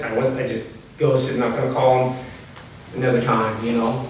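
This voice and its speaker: A male storyteller speaks to an audience in a loose, halting way with many restarts. His voice sits at a middle pitch and comes from well back from the mic. The hall around him is very reverberant, with a faint hiss. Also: fairly even intonation, fairly bright tone. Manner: conversational, many fillers and restarts. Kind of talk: personal storytelling talk. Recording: echoey hall from far off.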